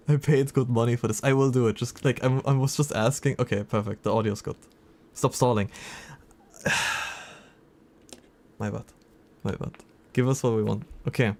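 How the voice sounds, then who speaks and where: A man's voice: medium pitch, fairly even intonation, measured pace, pauses often, a little mellow. A man streaming live, chatting casually and reacting to messages from his chat.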